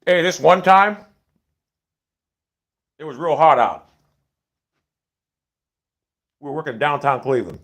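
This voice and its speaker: A man's voice: fairly high pitch, animated, moderate pace, fairly bright tone. A man telling stories in a casual, rambling monologue, blunt and profane, with many restarts. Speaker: storyteller.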